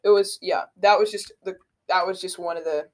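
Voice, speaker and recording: A man's voice: high-pitched, fairly even intonation, a little fast. A man co-hosting a casual movie podcast, talking hesitantly with many ums as he works through his notes. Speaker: podcast co-host. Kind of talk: casual movie-review chat.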